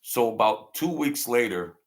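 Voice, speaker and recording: A man's voice: medium pitch, animated, a little slow. A man from Brooklyn, rambling through a story in a casual monologue, repeating phrases and acting out what people said. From Brooklyn, New York. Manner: rambling, repeats phrases, acts out quoted lines. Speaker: storyteller host.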